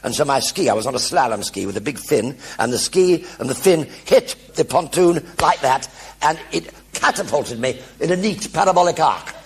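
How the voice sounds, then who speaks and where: Older storyteller, lively pitch, husky gravel; stage raconteur. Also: male voice, moderate pace. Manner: animated anecdotes with acted-out voices. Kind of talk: one-man show storytelling. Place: theatre stage with audience.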